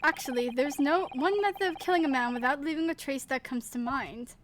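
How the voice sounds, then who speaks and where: A woman's voice: high voice, brisk, fairly bright tone, a little hiss or hum. A woman voicing an earnest young male defense lawyer as she reads game dialogue aloud.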